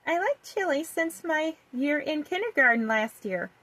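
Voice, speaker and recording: A woman's voice: sits high, animated, unhurried, fairly bright tone, no room sound, pitched above the performer's own voice. A woman voicing a sweet little kindergarten girl in a read-aloud storybook. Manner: small, sweet, childlike.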